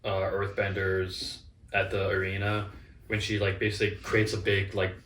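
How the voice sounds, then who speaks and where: A man chatting casually as co-host, relaxed and agreeable, with frequent "like" fillers. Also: low voice, normal speed. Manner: relaxed, agreeable, uses "like" often. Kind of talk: casual chat. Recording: echoey room, distant mic, faint noise.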